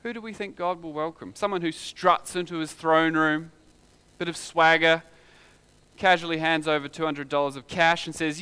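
A man's voice: fairly high pitch, fairly even intonation, moderate pace, pushed and bright, clean tone. A man preaching a sermon in a conversational way, full of rhetorical questions.

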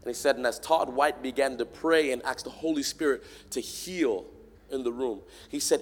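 A man preaching a sermon to a church congregation, swinging from quiet, close talk to loud, shouted call-and-response. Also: mid-range voice, moderate pace. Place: large church hall. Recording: long hall reverb.

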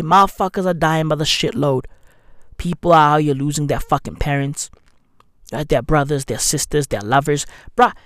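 A woman ranting in a profane, slang-heavy, sarcastic vlog. She swings between loud outbursts and hushed asides. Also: sits low, no echo, clean studio sound. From South Africa. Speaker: vlogger. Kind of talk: profane self-mocking vlog rant.

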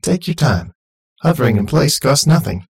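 A man's voice: fairly high pitch, sing-song, moderate pace, gravelly, breathy edge, pitched above the performer's own voice, full character voice. A man voicing the cheerful automated voice of a driverless taxi, polite and upbeat. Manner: bright, overly polite service tone.

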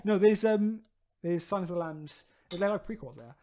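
A man co-hosting a podcast, joking and laughing through quick, casual banter into a podcast mic. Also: high voice, animated, dark tone. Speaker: podcast co-host. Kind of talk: casual chat. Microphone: podcast mic with headphones.

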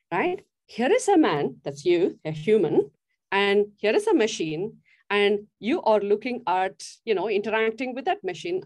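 Middle-aged woman, motivational stage speaker, lively up-and-down delivery, engages the crowd with questions. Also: mid-range voice. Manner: animated, asks the audience questions. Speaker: speaker giving a talk on design. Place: stage before a live audience.

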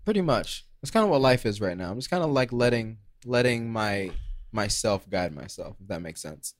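A man's voice: on the low side, animated, normal speed, no room sound, studio quality. A man hosting a podcast in casual chat, offhand and joking in short quips. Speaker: podcast host and streamer.

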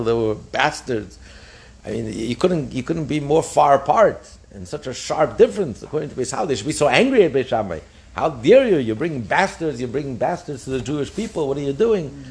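Animated man teaching a Talmud class. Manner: animated, acts out the sages' voices with pitch jumps; repeats and restarts phrases while explaining. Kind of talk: daf yomi Talmud class.

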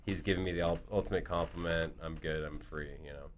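A middle-aged man telling stories in casual chat, animated, acting out quotes and dropping to a hushed voice for tense moments. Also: deep voice, quick pace, slight background noise. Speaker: guest.

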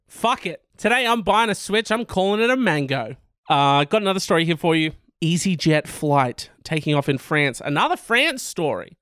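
High, smooth-voiced man ranting. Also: big pitch swings, normal speed, a bit bright, no echo, studio quality. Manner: joking, ranting asides with laughs. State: coughing. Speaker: podcast host. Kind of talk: casual news-story podcast chat.

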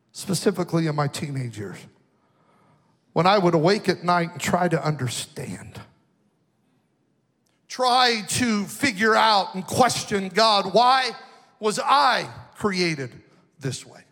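Casting: male youth preacher, high bright voice, comic storyteller who builds to shouting, big reverberant hall. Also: animated, unhurried, pauses often. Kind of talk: humorous sermon with stories. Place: large hall with an audience.

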